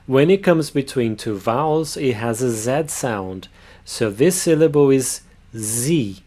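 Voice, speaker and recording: A man giving a pronunciation lesson, sounding out words slowly and carefully. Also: mid-range voice, lively intonation, a little mellow. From Brazil. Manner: slow, careful demonstration of words. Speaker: language teacher.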